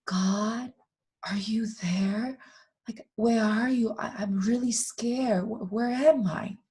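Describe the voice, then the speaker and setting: A woman voicing a small, eager, childlike male soul in a spoken story, high and full of wonder. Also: huge pitch swings, moderate pace, heavily acted. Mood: scared.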